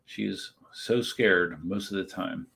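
This livestream host has a deep, husky voice with vocal fry and a fairly bright tone, and he takes things slowly. Sitting at his desk setup, he reads chat messages aloud and answers them in a rambling, casual way.

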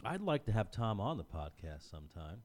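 Guy hosting a chatty podcast, lowish voice, lots of ums and restarts. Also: very animated, darkish tone. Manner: rambling, halting with many fillers. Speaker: podcast host. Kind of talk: casual chat.

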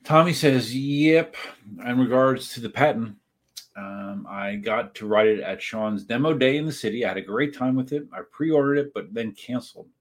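A husky man with a medium-pitched voice talks at a normal speed as he hosts a casual livestream. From his desk setup, he reads the chat aloud and rambles in response to viewers.

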